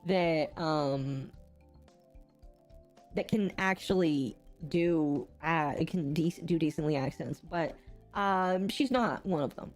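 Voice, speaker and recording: Young woman, podcast co-host, rambling casual chat, halting restarts, faint music underneath. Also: low-pitched, a little mellow.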